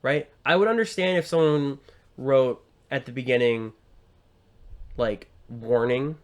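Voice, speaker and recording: A man's voice: medium pitch, lively intonation, measured pace, noisy background. A young man co-hosting a podcast, chatting casually about a film with many fillers and restarts. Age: young adult. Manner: rambling with frequent fillers and restarts. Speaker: podcast co-host.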